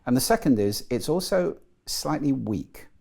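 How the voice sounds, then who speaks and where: A man's voice: mid-range voice, expressive, moderate pace, creaky, warm tone. A middle-aged man, a guest in an interview, explaining articulately and with enthusiasm. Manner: articulate and enthusiastic, demonstrates voices while explaining. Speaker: guest, voice and sound expert.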